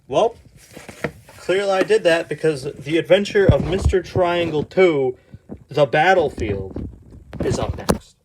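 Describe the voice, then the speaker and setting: A young man with a slightly raised pitch talks through his old childhood comics in a loose, casual way. He is sarcastic and exasperated, tossing off quick wry asides, with a faint hiss in the background. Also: animated. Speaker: YouTube artist.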